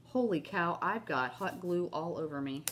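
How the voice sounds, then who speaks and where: A woman's voice: on the low side, animated, normal speed, a little hiss or hum. A woman hosting a casual crafting tutorial. She talks in a gushing, chatty way and has a cough. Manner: gushing, chatty, keeps saying "you guys" and "oh my gosh". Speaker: craft video host.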